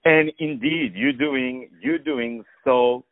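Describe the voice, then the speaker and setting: A man's voice: medium pitch, fairly even intonation, slow pace, no room sound, phone-quality sound. Gushing radio host man, dry studio sound. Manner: effusive, lavish with praise, repeats words. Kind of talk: phone interview on radio.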